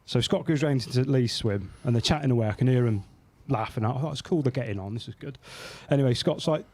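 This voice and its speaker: A man from England telling a long anecdote on a podcast in an easy, chatty way. His voice sits at a middling pitch. He animates the story by putting on the voices of the people in it. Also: fast talker, hardly any pauses, darkish tone. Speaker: podcast host. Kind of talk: casual storytelling chat.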